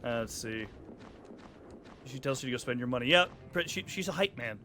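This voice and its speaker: A man's voice: mid-range voice, lively intonation, brisk, bright, forceful tone. A man streaming a video game, chatting casually and joking, sometimes slipping into silly accents. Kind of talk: casual gameplay commentary. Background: game music.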